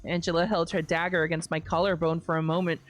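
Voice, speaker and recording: A young adult woman streamer reading narration from a game aloud in a steady, lowish voice. Between passages she breaks into loud, laughing, swearing reactions, with faint game music underneath. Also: quick pace.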